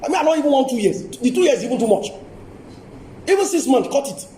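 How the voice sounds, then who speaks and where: An older man with a Nigerian English accent gives a lively seminar lecture to colleagues in a university lecture hall, emphatically repeating key phrases and coaxing his audience. His voice is extremely high-pitched, warm, very animated, and fast. The echoey hall is recorded from a distance, with faint ambience and slight background noise.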